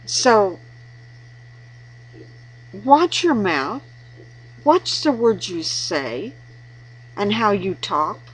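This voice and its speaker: Slow, husky woman preaching. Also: medium pitch, big pitch swings, poor audio. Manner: slow, earnest, preachy, with emphatic repetition. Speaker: Christian video blogger giving marriage advice. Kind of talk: informal devotional talk to camera.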